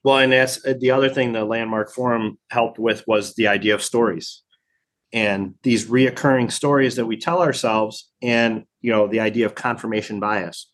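A man talking in a relaxed interview as a training program director, thoughtful and full of fillers and restarts. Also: fairly low pitch, normal speed. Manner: reflective, many fillers and restarts. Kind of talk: casual conversation.

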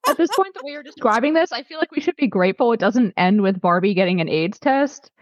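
Incredulous woman, lively high voice. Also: quick pace, dry recording. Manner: short incredulous reactions and wisecracks. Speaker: podcast co-host. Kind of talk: casual chat. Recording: dull lo-fi sound.

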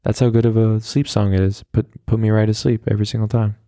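A young man rambles through a solo podcast in a low, gravelly voice that stays flat and even. His tone is dark and mellow, and he pokes fun at himself. The sound is dry and close, with no room echo. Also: quick pace. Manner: rambling, self-deprecating, chatty with many fillers. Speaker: podcast host. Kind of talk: casual solo podcast monologue.

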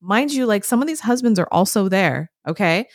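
Lively woman with swooping intonation. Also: brisk, no echo, clean studio sound. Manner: expressive, swings pitch when mimicking. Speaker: podcast co-host. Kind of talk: casual chat.

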